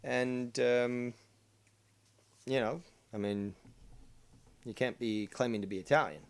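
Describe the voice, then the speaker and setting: A man's voice: mid-range voice, takes it slowly. A man from Canada hosting a heated panel argument, smug and profane as he lectures the others. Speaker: show host.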